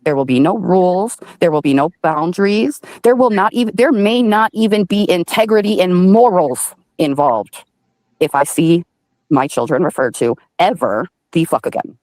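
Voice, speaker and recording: A woman's voice: on the low side, moderate pace, darkish tone, dry recording, rough recording. A woman hosting a livestream, ranting in a heated, profane, threatening way with heavy emphasis. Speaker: livestream host.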